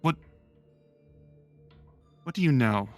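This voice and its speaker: A man's voice: medium pitch, expressive, slow pace, faint music behind. A man voicing a cranky, scornful old witch grandmother in a tabletop game. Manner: scolding, contemptuous.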